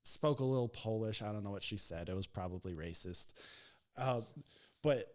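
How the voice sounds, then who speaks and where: A man's voice: lowish voice, moderate pace. A young adult man telling a work story in a casual podcast chat, laughing often and acting out the people he quotes. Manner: animated storyteller who acts out quoted voices, laughing often. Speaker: podcast co-host.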